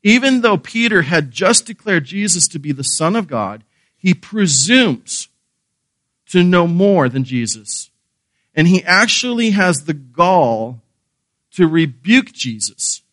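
A man's voice: high-pitched, very animated, slow pace, fairly bright tone, no room sound. A man preaching a sermon, earnest and emphatic, asking rhetorical questions and repeating key phrases. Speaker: pastor.

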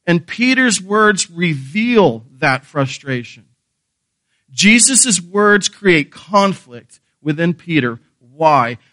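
A man's voice: on the high side, pushed and bright, no echo. A man preaching a sermon, earnest and emphatic, asking rhetorical questions and repeating key phrases. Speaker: pastor.

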